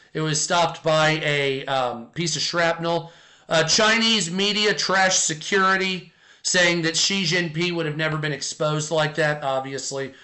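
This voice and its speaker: A man with a high, bright voice hosts a live stream. He rambles in casual chat, fills gaps with ums and uhs, and reads viewer comments aloud as he goes. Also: steady tone, measured pace.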